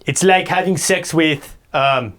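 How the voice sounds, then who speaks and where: A man's voice: fairly high pitch, slow pace, fairly bright tone. A man playing a boastful, self-pitying guy who rambles indignant complaints in an improvised comedy sketch.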